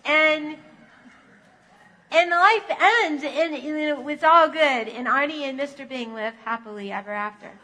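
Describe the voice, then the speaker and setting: Bright-voiced woman pastor telling a story. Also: high-pitched, a little slow. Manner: animated storytelling. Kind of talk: children's story sermon. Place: church sanctuary. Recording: echoey church sanctuary.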